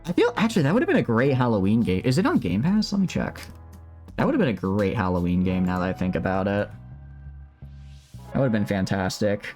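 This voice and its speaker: A man's voice: lowish voice, very animated, brisk, darkish tone, soft background music. A man streaming live from home, chatting casually and reacting to his chat while he builds a model kit.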